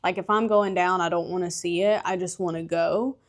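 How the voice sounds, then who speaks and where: A woman's voice: fairly low pitch, steady tone, fairly quick. A young woman hosting her own podcast, chatting candidly about her life and travels, laughing often and swearing freely. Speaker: podcast host. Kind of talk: casual solo podcast chat.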